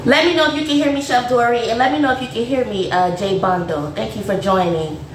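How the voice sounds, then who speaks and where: A woman's voice: on the high side, fast, far from the mic. Chatty woman in an echoey kitchen. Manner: chatty and upbeat, addressing viewers as y'all. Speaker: host of a home cooking show. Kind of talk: casual livestream cooking chat. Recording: echoey room, voice off mic, faint noise.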